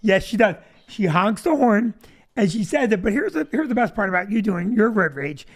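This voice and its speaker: A middle-aged man co-hosting a casual comedy talk show. He spins long, wry, rambling stories and teases his co-host, with a voice that sits fairly high for a man. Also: expressive, moderate pace.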